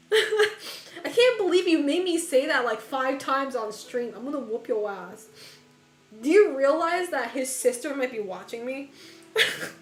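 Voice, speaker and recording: A woman streamer chatting casually with her viewers while gaming, laughing often and swearing casually. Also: sits high. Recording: roomy echo with faint music behind.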